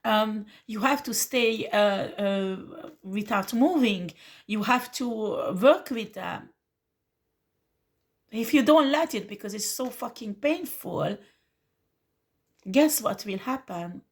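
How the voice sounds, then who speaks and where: A woman's voice: mid-range voice, animated, takes it slowly. A woman giving an earnest, pleading tarot reading to the listener, calling them honey. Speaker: tarot reader. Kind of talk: spiritual tarot reading monologue.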